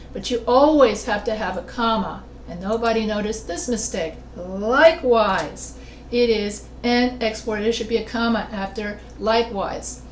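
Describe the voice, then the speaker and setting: A female writing instructor giving an online class lecture. She explains step by step and quizzes her students with questions. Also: on the high side. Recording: roomy echo with faint noise.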